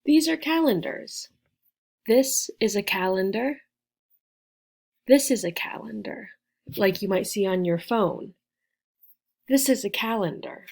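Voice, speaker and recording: A woman teaching a beginner English lesson, spelling out and repeating words slowly with careful, clear pronunciation. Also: medium pitch, darkish tone.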